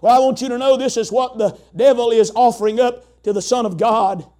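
A man's voice: very high-pitched, fairly even intonation, brisk, mellow. A man preaching a sermon in an emphatic, folksy way, asking the congregation rhetorical questions.

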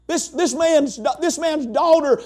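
A middle-aged man preaching a sermon, moving between shouted preaching and quiet storytelling, with frequent "uh" fillers. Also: very high-pitched, takes it slowly. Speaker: pastor.

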